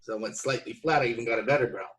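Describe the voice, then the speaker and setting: A man's voice: medium pitch, very fast, fairly bright tone. A man giving a casual video lesson, explaining with loose restarts between demonstrations. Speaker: didgeridoo teacher.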